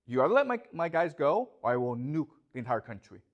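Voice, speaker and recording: A man's voice: a little high, very animated, fairly quick, highs cut off. A man putting on a blustering American president who bluntly issues boastful nuclear ultimatums. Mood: threatening.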